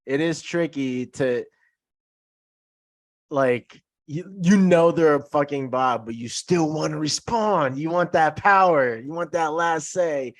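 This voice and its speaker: Man, mid pitch, podcast guest, laid-back, laughs a lot, dry close mic. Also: slow, no echo. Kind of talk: casual chat.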